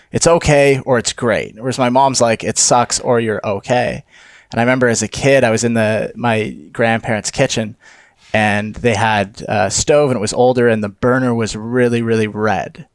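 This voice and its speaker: A man's voice: mid-range voice, fairly even intonation, normal speed, no room sound. A young man co-hosting a podcast, telling a story animatedly and swearing casually. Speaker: podcast co-host.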